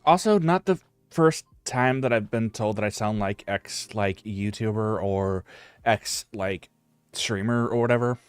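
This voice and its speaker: A man's voice: lowish voice, unhurried, clear, resonant tone, dry recording, faint music behind. A man with a US West Coast accent, chatting casually as a streamer in a rambling way with many fillers and restarts. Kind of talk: casual chat.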